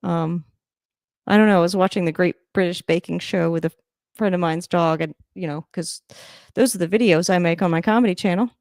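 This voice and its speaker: A woman hosting a casual livestream reaction to a football game, chatty and rambling, laughing often and breaking into sudden excited outbursts. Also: on the low side, a little fast, no echo, clean studio sound. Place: home room, moving around the camera.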